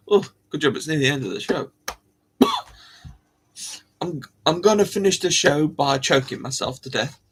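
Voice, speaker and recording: A man's voice: fairly high pitch, expressive, measured pace, pauses often, breathy edge. A man hosting a live stream, rambling and musing aloud to his viewers in casual chat, coughing now and then.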